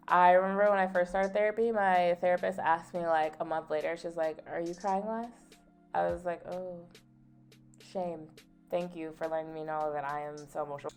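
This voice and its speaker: Chatty young woman, low-pitched, faint music. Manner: chatty and candid, peppered with "like"; playfully indignant storytelling. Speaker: beauty vlogger. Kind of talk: casual get-ready-with-me chat.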